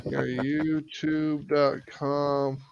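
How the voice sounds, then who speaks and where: A man in a casual podcast chat who talks haltingly, trailing off and restarting. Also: fairly high pitch, flat delivery, vocal fry, darkish tone. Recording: dull lo-fi sound.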